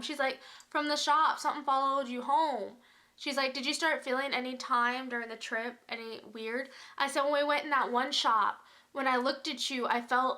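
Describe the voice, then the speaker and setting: A young woman telling a spooky story from her own life at home, chatty and animated, with lots of fillers. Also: fairly high pitch. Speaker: vlogger. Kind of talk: casual storytime.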